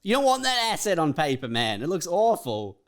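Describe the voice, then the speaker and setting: A man's voice: a little high, wildly swooping pitch. Aussie guy cracking jokes, bouncy up and down voice, laughs a lot. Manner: quick riffing jokes, laughs often. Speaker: podcast co-host. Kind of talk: casual comedic chat.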